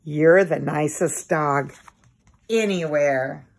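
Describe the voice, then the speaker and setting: A woman voicing a tender-hearted little girl in a storybook read aloud, high and tearful. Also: slow, gravelly, full character voice. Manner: high, tearful wailing, then soft.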